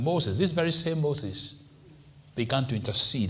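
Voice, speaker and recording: A man preaching a sermon as pastor, swinging from hushed asides to loud, emphatic lines. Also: mid-range voice, expressive, measured pace. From Nigeria.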